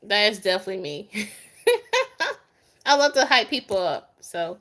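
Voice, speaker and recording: A woman's voice: medium pitch, wildly swooping pitch, a little slow, fairly bright tone. A young adult woman doing a live tarot reading, chatting with viewers by name in a goofy, easygoing way and laughing often. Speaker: tarot reader.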